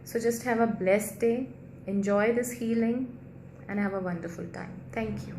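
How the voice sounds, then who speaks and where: A woman guiding a healing meditation in a soft, gentle, slow and repetitive way. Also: mid-range voice. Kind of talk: guided meditation. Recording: roomy echo with faint background hiss.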